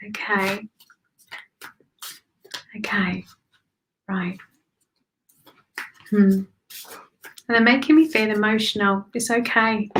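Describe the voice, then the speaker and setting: A woman gives intuitive card readings to viewers in a calm, unhurried voice. She repeats phrases softly and often sinks into near-whispers. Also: medium pitch, a little hiss or hum, poor audio. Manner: soothing, slow, repeats phrases, drops to whispers. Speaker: spiritual reader giving card readings. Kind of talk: live-stream intuitive reading.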